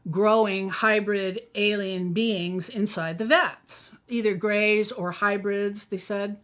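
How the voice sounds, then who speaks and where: A woman in a documentary interview, plainly retelling what she was told. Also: mid-range voice.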